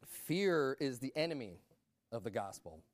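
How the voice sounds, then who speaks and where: A man preaching a sermon in a conversational way, rising to loud emphatic peaks. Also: medium pitch, sing-song, unhurried, dry recording.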